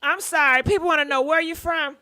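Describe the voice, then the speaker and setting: A woman's voice: high-pitched, a little fast, a crowd in the background. A woman hosting a call-in show, chatty and encouraging, speaking straight to her listeners. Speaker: talk show host. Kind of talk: casual chat.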